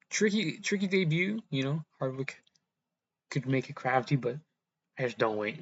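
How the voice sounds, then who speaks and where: Young man, casual rambling fight talk, self-correcting, offhand swearing, mid pitch, dull lo-fi recording. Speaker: MMA predictions YouTuber. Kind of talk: casual fight breakdown monologue.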